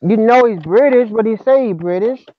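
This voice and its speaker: A man's voice: sits high, moderate pace, narrow, tinny audio. A man in a casual group chat, teasing and laughing as he insists on his point.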